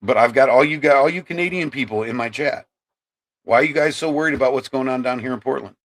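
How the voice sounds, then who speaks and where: Ohio man, 50s, livestream host; heated political rant to chat, stumbles and repeats words, mid-pitched voice. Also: quick pace, a bit bright. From Ohio, USA. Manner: ranting, repeats and restarts words.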